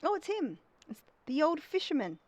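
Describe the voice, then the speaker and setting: A woman's voice: high-pitched, big pitch swings, normal speed, darkish tone, rough recording. Casual streamer: young woman, chatty, reacting to a game and talking to chat.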